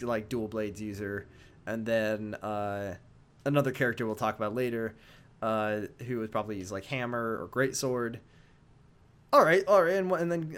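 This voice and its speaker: A man co-hosting a casual chat about a video game, excitable and laughing often as he retells scenes. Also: mid-range voice. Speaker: podcast co-host.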